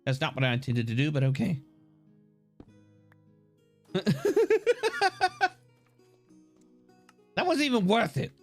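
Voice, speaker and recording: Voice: mid-range voice, big pitch swings, quick pace, hardly any pauses, soft background music. A livestreamer giving casual, joking gameplay commentary, swearing freely along the way.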